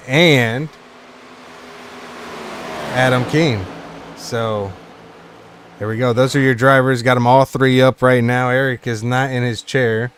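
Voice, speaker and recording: Guy doing live race stream commentary, laid back and chatty, mid-pitched voice. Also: a bit bright, slight background noise. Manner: casual, chatty, reads viewer chat aloud. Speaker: sim racing stream commentator.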